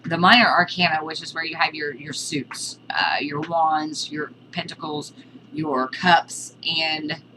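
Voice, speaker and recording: A witchcraft teacher with a low-pitched yet bright, forceful voice gives a casual video lesson. She explains terms haltingly and lists examples one at a time. The audio is poor, with a faint hum in the background.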